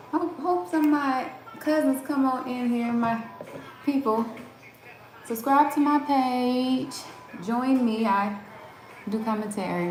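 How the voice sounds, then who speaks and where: A woman's voice: a little high, roomy sound, background noise. Chatty Southern woman on a live stream. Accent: Southern American. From Southern United States. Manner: chatty, greets viewers by name, laughs often. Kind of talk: casual live chat with viewers.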